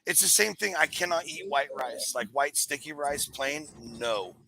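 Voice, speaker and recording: A man's voice: a little high, moderate pace, vocal fry, crowd noise, rough recording. A man hosting a casual show, rambling through stories and reading the live chat. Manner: rambling, animated storyteller.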